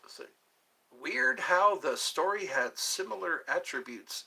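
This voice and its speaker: Male streamer, jokey and meandering, higher voice with a bouncy pitch. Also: expressive, slow pace, creaky, bright, forceful tone. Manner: rambling and jokey, drifting between topics. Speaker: livestream host. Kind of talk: casual livestream chat answering viewer questions.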